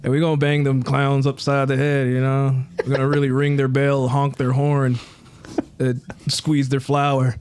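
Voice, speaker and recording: A man's voice: medium pitch, completely flat delivery, normal speed, a little mellow, a little hiss or hum. A man on a comedy podcast, cutting a wrestling-style trash-talk promo with laughing asides in a studio. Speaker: guest comedian.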